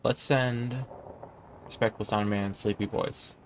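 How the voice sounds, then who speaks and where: Low-key young man playing a game. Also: fairly even intonation, unhurried, slight background noise. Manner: casual, reads game text aloud in a low-key mumble. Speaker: gaming YouTuber. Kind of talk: let's play commentary.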